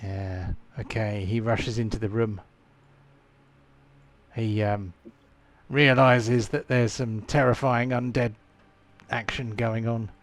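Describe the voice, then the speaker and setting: A man running a tabletop game as game master, thinking aloud with frequent fillers and halting restarts. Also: on the low side, steady tone.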